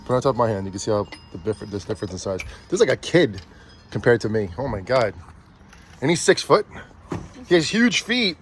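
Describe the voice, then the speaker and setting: A chatty man talks through an unboxing with his kids at a mid-range pitch. He jokes and teases as he goes and gets excited quickly. A faint hum of background noise sits under his voice. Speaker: vlogger and father unboxing a Halloween prop. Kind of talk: casual chat.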